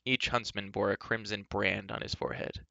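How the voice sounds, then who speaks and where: Low, bright-toned man reading a novel. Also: fairly quick, creaky, no room sound, highs cut off. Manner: steady storytelling with occasional word slips. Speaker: reader. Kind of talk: reading a fantasy novel aloud.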